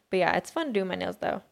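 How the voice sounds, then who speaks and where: Chatting loosely as a podcast co-host, this woman rambles with plenty of fillers and false starts. She has a mid-range, creaky voice.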